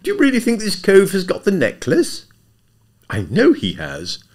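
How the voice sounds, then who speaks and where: A man voicing a dim, excitable young upper-class English gentleman who sounds plaintive and flustered. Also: high voice, moderate pace, pitched above the performer's own voice, heavily acted.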